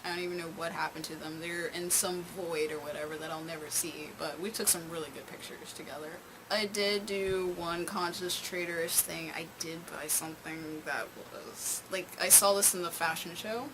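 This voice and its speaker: A woman's voice: on the low side, fairly even intonation, moderate pace, few pauses. A young woman telling a casual storytime in a rambling way, with many fillers and restarts. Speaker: vlogger. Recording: noisy home recording.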